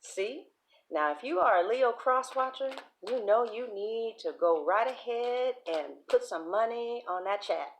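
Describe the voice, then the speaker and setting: Chatty tarot reader, female, lively swooping delivery, salty language. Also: fairly high pitch, unhurried, few pauses, a little hiss or hum. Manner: chatty, animated, profane storytelling. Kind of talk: casual livestream reading.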